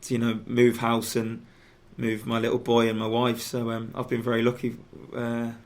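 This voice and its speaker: A man, a footballer guest in a radio studio, chatting casually and haltingly with many restarts and fillers. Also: mid-range voice, monotone. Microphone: studio microphone.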